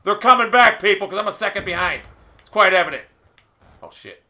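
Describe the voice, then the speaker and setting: A man ranting angrily while playing a video game, swearing constantly and often shouting. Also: high voice, fast talker. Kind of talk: angry gameplay commentary.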